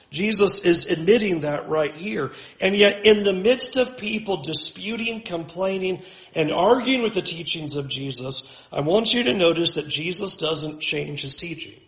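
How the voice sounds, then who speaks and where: A man's voice: on the high side, fairly bright tone, echoey room, rough recording. A male pastor preaching a sermon with emphatic delivery, building lists with rising force.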